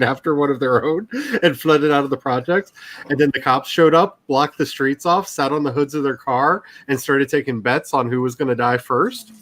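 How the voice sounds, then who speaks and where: A man's voice: mid-range voice, a bit bright. A man in casual chat, teasing his friends and telling long, rambling stories. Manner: teasing, rambling anecdotal storyteller.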